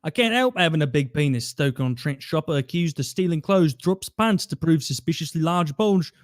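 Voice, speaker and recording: A man's voice: a little high, animated, moderate pace. A man co-hosting a casual podcast, joking playfully, slipping into silly quoted voices and giggling often. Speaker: podcast co-host.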